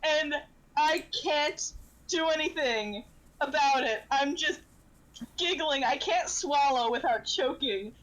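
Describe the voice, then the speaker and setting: A woman's voice: high-pitched, takes it slowly, fairly bright tone, low-quality recording. A woman playing in an online tabletop game, chatting casually and giggling through her stories. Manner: giggly, tells stories through fits of laughter. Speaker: player.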